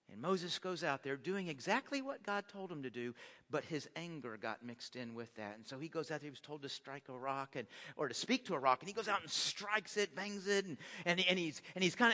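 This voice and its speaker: A man preaching in a church, his voice pitched high and bright. He talks in an animated way, often stumbling and repeating words as he starts a sentence. Long reverb hangs behind him, as from a large hall. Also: fairly quick. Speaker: pastor. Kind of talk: sermon. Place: church sanctuary.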